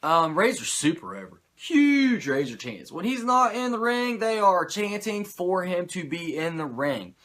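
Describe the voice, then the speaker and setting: Man, podcast host, casual wrestling recap, profane, rambling, fillers, bright voice, lively pitch. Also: a little slow, hardly any pauses.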